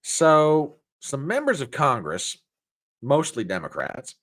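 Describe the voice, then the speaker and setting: Folksy man with a lively voice. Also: mid-range voice, slow. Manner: animated, folksy, indignant ranting. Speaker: host. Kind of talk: political commentary show.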